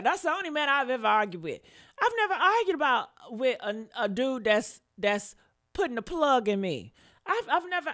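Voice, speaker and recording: A woman's voice: high voice, sharp tone. A woman in her fifties giving casual live commentary on a crime case, blunt and profane, talking straight to her viewers. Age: 50s. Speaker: commentary vlogger.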